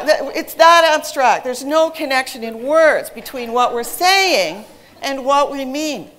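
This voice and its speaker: A woman in her forties, an English teacher, giving a presentation to an audience with lively, humorous storytelling. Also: sits high, measured pace, a faint crowd.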